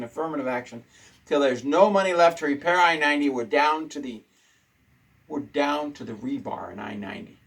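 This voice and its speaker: A man's voice: medium pitch, fairly bright tone, slightly rough, poor audio. A man hosting a casual talk show, ranting indignantly and repeating his points for emphasis. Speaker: host.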